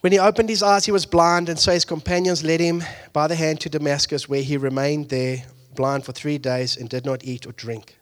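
A pastor preaching a conversational sermon, moving from hushed asides to loud, excited peaks and acting out the people he quotes. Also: on the high side, brisk, hardly any pauses.

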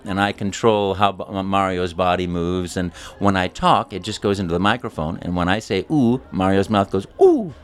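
A man, a voice actor, chatting casually in an interview as an animated storyteller. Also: deep voice.

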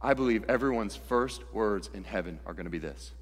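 A man preaching a sermon as pastor, animated and swinging from loud, excited passages to hushed ones. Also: on the low side, a little fast, long reverb tail.

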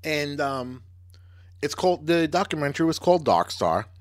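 Joking, animated male podcast co-host. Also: on the high side, normal speed. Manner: joking, animated, laughs often. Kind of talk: casual chat.

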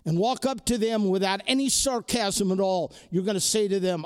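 A man's voice: high voice, moderate pace, hardly any pauses, darkish tone, smooth. A man preaching a sermon to students and faculty, earnest and exhorting, repeating key phrases and ending in prayer. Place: crowded hall or chapel.

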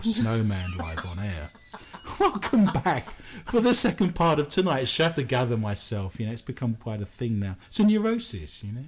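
A man's voice: on the high side, darkish tone. A British man hosting a paranormal news radio show, joking and making fun of himself as he talks. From Britain. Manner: playful, jokey, self-mocking.

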